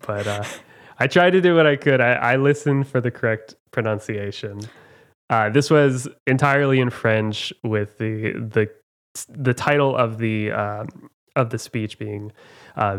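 Chatty man reading out quiz questions. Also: mid-range voice. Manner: reads questions, chatty and self-mocking, many fillers. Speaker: quiz host. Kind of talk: casual trivia quiz podcast.

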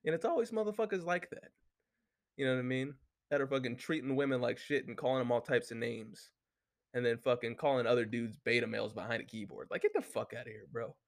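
A man with a gravelly, creaky voice at an ordinary middle pitch, ranting in loose casual talk. He swears constantly, rambles with fillers and restarts, and sounds heated and blunt. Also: quick pace. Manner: heated, cursing freely, lots of filler. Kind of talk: casual profane rant.

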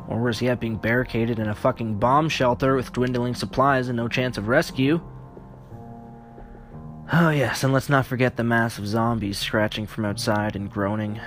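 A man narrating a horror story in a weary, profane first-person voice. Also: fairly low pitch.

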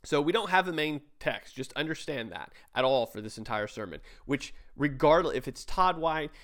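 A man's voice: on the high side, animated, normal speed, fairly bright tone. A man reviewing a sermon he plays in pieces, talking casually and critically, with restarts and asides. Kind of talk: casual commentary over a played sermon.

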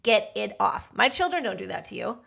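A woman's voice: medium pitch, very animated, a little fast, gravelly, fairly bright tone, husky. A middle-aged woman, a matchmaker hosting a podcast, giving blunt, feisty dating advice in a chatty monologue.

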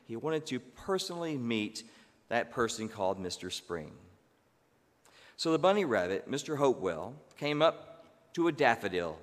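A man preaching, telling a story in a slow, gentle manner with thoughtful pauses. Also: medium pitch, animated. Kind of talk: sermon storytelling. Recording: long hall reverb.

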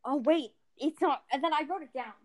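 In casual chat on a podcast she co-hosts, a teenage girl giggles, rambles and stumbles over what she's saying. Her high, darkish voice moves a little fast, and there's slight background noise.

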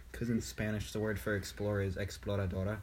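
A woman's voice: rumbling low, fairly even intonation, moderate pace, background noise. A young woman joining a casual podcast chat, telling rambling family stories. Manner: rambling storyteller.

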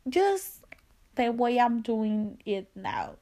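A woman's voice: fairly high pitch, big pitch swings, extremely slow, dark tone. A young woman with a non-native English accent hosting her own podcast, chatting casually and reading from her phone in a self-conscious, laughing way. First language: not English. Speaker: podcast host.

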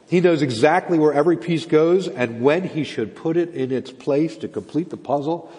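A man's voice: a little high, warm tone. A man preaching a sermon as pastor, talking earnestly, asking rhetorical questions and repeating his words. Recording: long reverb of a large hall.

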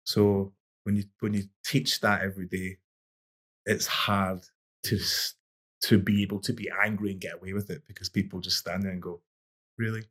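A man's voice: low-pitched, little pitch movement, moderate pace, a bit bright, breathy edge. A middle-aged man, a boxing coach and podcast guest, telling stories in an easygoing, rambling way with many restarts. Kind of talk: relaxed conversational storytelling.

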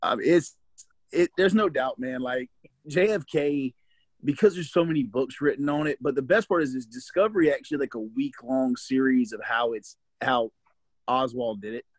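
Middle-aged Southern man, podcast co-host, emphatic and animated, close dry mic. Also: mid-range voice, normal speed, no room sound. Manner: emphatic, talks in restarts. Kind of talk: casual chat.

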